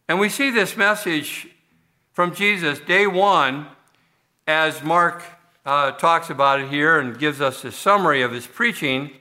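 A man's voice: on the high side, sharp tone. A man preaching a sermon as pastor of a church, talking conversationally with frequent restarts and fillers.

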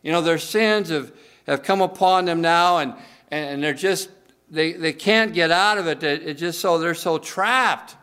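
A middle-aged man preaching a sermon in an earnest way, slowing down to stress key words and often restarting his sentences. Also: fairly high pitch, sharp tone, clear, resonant tone. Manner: earnest, slows down for emphasis, frequent restarts. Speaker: pastor.

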